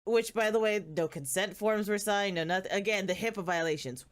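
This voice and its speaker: A woman's voice: medium pitch, lively intonation, moderate pace. A woman casually recapping a soap drama for her channel, chatty and sardonic, often laughing. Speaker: channel host.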